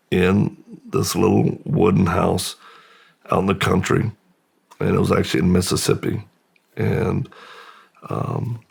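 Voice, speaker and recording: Man, middle-aged, very husky, low voice, halting subdued storytelling. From United States. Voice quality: gravelly. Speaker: guest. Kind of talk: personal storytelling in interview.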